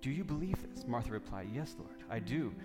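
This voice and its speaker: A man's voice: mid-range voice, big pitch swings, a little fast, in a large hall, over music. A man reading scripture and preaching a sermon, building to fervent repeated questions. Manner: reads scripture then preaches with rising fervor, repeating lines.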